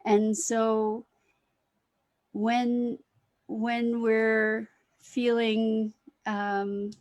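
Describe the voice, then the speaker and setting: A woman hosting a live talk, speaking gently and unhurriedly about comforting oneself, often pausing and restarting her sentences. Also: on the high side, little pitch movement. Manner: warmly greets viewers by name. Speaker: host. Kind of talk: slow reflective talk on self-comfort.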